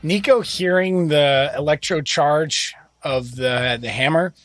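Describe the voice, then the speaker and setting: A man at a tabletop game talks through his character's moves in a fairly bright, slightly high voice. He halts and rethinks his plans as he goes, with faint music underneath. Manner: halting, revises plans mid-sentence. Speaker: player. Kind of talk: casual tabletop play.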